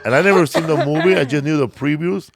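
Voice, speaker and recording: A man's voice: a little high, quick pace, creaky, over loud music. A man hosting a casual chat, rambling, joking and swearing freely. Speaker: podcast host.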